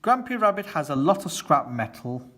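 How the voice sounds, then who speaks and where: A man reading a picture book aloud to children, gentle and friendly. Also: on the high side, very animated, moderate pace, a little hiss or hum. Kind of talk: read-aloud storytelling.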